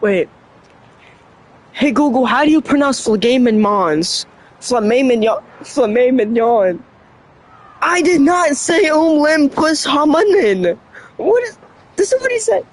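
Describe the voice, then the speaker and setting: Young streamer, casual live chat, high and unhurried, tongue-tied and self-mocking. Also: sing-song. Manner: stumbling over words, flustered and self-mocking; laughs often between lines.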